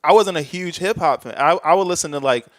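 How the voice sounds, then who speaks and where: A man's voice: on the high side, a little fast, no room sound. A man talking candidly as a podcast guest in a casual chat, reflective and often trailing off mid-thought.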